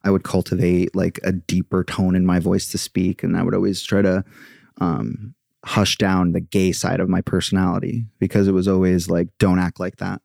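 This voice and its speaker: A man's voice: low-pitched, level tone, moderate pace, gravelly, darkish tone, no echo, studio quality. A man guest on a podcast, a yoga teacher telling candid personal stories and acting out the voices of people he quotes. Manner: chatty, acts out quoted voices.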